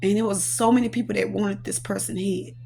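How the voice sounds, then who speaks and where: A woman's voice: mid-range voice, fairly even intonation, brisk, creaky, dark tone, a little hiss or hum. A woman, a prophetess, telling her personal testimony with earnest emotion, recounting it through quoted dialogue.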